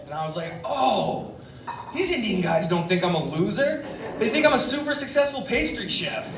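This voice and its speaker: A man performing a stand-up comedy set, telling rambling stories in a deadpan way with sudden loud outbursts. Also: high voice, a little fast, recorded from a distance. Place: comedy club stage. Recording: echoey club from afar, loud crowd laughter and noise.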